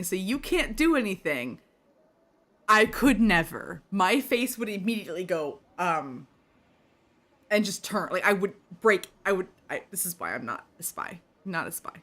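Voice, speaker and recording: A woman streamer giving casual play-through commentary, reading game text aloud and chatting in quick, animated asides. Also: medium pitch. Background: faint game music.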